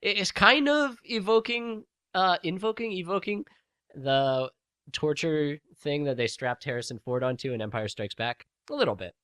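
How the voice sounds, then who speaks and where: A man's voice: fairly high pitch, lively intonation, moderate pace, sharp tone, clean tone, no room sound, clean studio sound. A man co-hosting a comedy podcast, narrating a movie parody with frequent giggles. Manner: giggly, narrates with bursts of laughter.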